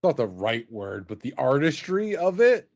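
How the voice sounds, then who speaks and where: A man's voice: medium pitch, big pitch swings, moderate pace, a little mellow. A man in a casual podcast chat speaking bluntly and emphatically, with swearing.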